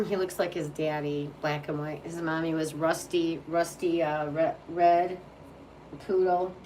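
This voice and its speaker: A woman's voice: deep voice, fairly even intonation, measured pace, warm tone. A woman tarot reader chatting casually and cooing in baby talk to her dog. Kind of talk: casual chat. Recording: distant mic with faint background hum.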